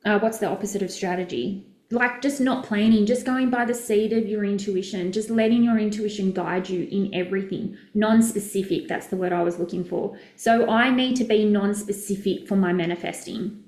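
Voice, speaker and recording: A woman's voice: mid-range voice, moderate pace, darkish tone. Chatty woman in an echoey room. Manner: chatty, effusive, rambling with self-interruptions. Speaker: business coach hosting a live session. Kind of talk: casual live-stream chat with viewers.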